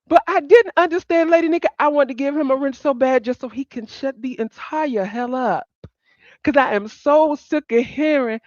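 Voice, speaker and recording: A woman hosting a live stream, chatting casually with her audience in a blunt, profane and animated way, laughing often. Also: high voice, moderate pace, dry recording, muffled recording. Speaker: livestream host.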